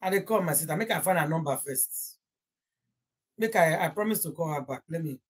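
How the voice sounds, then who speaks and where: Husky-voiced young Nigerian woman, gossip livestream host, rambling and heartfelt. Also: low-pitched, lively intonation, a little fast. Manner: rambling, emotional, mixing Pidgin into English. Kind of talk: casual live-stream chat.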